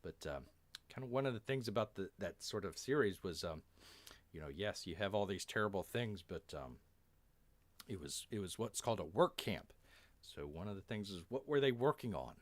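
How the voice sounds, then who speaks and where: A man reading a war story live to viewers, rambling and filling gaps with ums. His voice swings in pitch with animation. The sound is dry and close. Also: expressive, normal speed, no room sound. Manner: rambling, many fillers, talks of himself as Bear. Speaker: storyteller and streamer. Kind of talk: casual live-stream storytelling.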